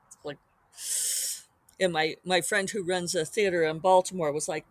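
A woman author talking through her work on her own podcast in a chatty, rambling way, with quick asides. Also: on the low side, no room sound. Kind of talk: casual solo podcast monologue.

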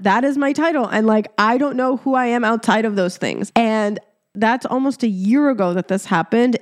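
Animated laughing woman podcast host. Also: medium pitch, dry recording, studio quality. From Egypt. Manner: animated storytelling, laughing often, casual swearing; talks directly to listeners as "your girl". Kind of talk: solo podcast monologue.

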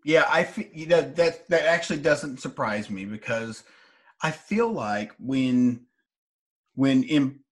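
A man hosting a podcast, asking questions and telling stories in a hesitant, halting way with many fillers. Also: medium pitch, animated. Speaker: podcast host. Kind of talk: casual interview talk.

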